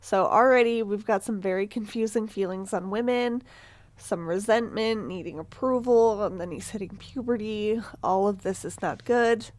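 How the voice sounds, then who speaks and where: A woman's voice: mid-range voice, normal speed, dry recording. A woman co-hosting a true-crime podcast, narrating in a casual, chatty way with asides and laughs. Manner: chatty, reads quotes aloud, laughs, swears casually. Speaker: podcast co-host.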